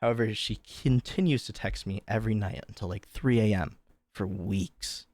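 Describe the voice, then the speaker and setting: Talking to his stream chat, a young host swears and pads a lengthy, lively retelling with plenty of filler words. He speaks at a moderate pace in a fairly low voice, and the recording is dry.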